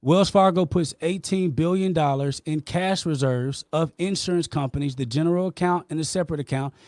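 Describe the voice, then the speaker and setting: A man's voice: on the high side, a little fast, darkish tone, no room sound. Passionate, insistent male podcast host. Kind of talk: heated debate with a caller.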